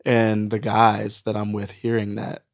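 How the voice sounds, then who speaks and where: A man guest on a podcast, telling a wild story in an animated, profane way and laughing at it. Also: fairly low pitch, a little slow, creaky. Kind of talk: casual storytelling.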